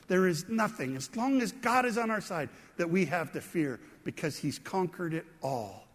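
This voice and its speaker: A man's voice: high voice, lively intonation, normal speed, few pauses. A man in his fifties preaching a sermon as a pastor, in a conversational manner with joking asides, recorded without an audience. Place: empty sanctuary, no audience. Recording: long hall reverb.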